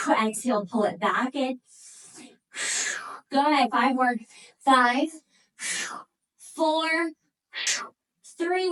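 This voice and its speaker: A woman's voice: sits high, fairly bright tone, recorded from a distance, rough recording. A woman leading a pilates workout, encouraging and counting reps aloud, a bit out of breath. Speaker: pilates instructor. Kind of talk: guided workout instruction.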